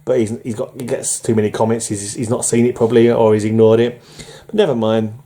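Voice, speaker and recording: A man's voice: fairly low pitch, flat delivery, a little fast, warm tone. A man chatting casually at home while showing his comic books, rambling with fillers and chuckles. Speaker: comic collector vlogger. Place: room at home under fluorescent light.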